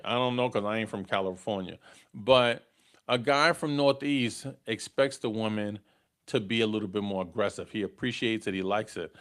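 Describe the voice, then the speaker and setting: A middle-aged man, hosting a live dating podcast in a casual storytelling way and tagging his lines with "right?". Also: mid-range voice. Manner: conversational, tags lines with "right?", chuckles at own stories. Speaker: podcast host.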